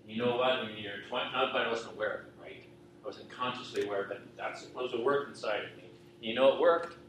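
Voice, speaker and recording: A man's voice: medium pitch, fast talker, fairly bright tone. A middle-aged man, a pastor, giving an earnest personal testimony sermon, often checking in with the listeners. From western Canada. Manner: earnest, repetitive, asks listeners "right?". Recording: echoey hall from far off, faint noise.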